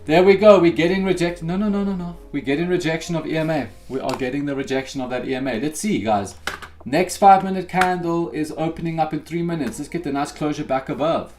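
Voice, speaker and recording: A man's voice: on the high side, fast, slight background noise. A man hosting a live futures day-trading stream, chatting casually to viewers as he talks through his trades. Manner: relaxed, chatty, addresses viewers as guys.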